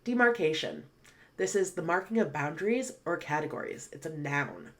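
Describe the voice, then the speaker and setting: A woman's voice: low-pitched, animated, a little fast. A woman teaching English vocabulary, patiently explaining definitions and reading example sentences. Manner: patient, clear, spells out definitions then reads example sentences.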